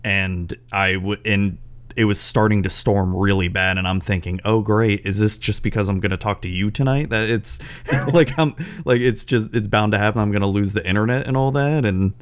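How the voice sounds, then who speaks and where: A man's voice: fairly low pitch, normal speed, clear, resonant tone. A man hosting a podcast interview, chatting casually and rambling with many restarts. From Florida, US. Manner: rambling, lots of restarts and fillers. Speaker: podcast host.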